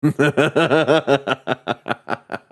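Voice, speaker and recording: A man's voice: medium pitch, drawn-out words, a bit bright. A man streaming a horror game, joking and swearing as he reads the game text aloud. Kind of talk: casual game commentary.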